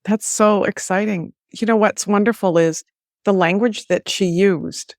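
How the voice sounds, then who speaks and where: A woman's voice: mid-range voice, steady tone, a little slow, no room sound, clean studio sound. A woman co-hosting a podcast in casual chat, reacting with lots of exclamations. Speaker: podcast co-host, former FBI program head.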